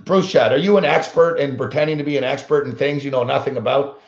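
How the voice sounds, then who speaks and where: A man's voice: medium pitch, fast, hardly any pauses. A man hosting a sports betting show, telling a long story as a blunt, combative rant full of swearing. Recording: roomy, dull lo-fi sound.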